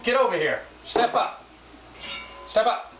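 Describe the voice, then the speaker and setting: A woman's voice: on the high side, lively intonation, measured pace, faint music behind. A woman talking to her pet bird at home, coaxing and scolding it in a playful, mock-stern way. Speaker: pet owner. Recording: echoey, dull home video from off-mic with dishes clattering.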